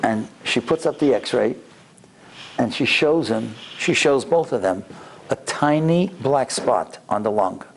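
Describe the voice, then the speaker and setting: A rabbi giving a lecture in a synagogue, telling a story in an animated way and acting out the quotes. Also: male voice, medium pitch, a little slow, gravelly, a little hiss or hum. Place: synagogue sanctuary.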